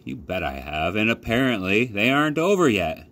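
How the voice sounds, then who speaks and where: A man's voice: fairly low pitch, sing-song, normal speed, fairly bright tone. A man voicing a weary, proud male china rabbit in a storybook reading, with a dry, wry inner voice.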